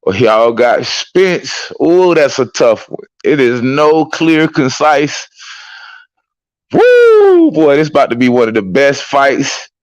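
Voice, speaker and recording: A man chatting casually as a streamer, excitable and profane with loud whoops. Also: medium pitch, measured pace, hardly any pauses, no room sound. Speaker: streamer reacting to clips. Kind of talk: casual reaction chat.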